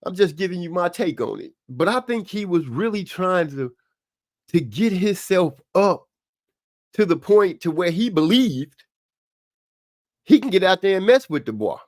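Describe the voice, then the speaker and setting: A man's voice: high voice, very animated, measured pace, pauses often. A man hosting a live stream, giving rambling, casual boxing commentary with lots of asides.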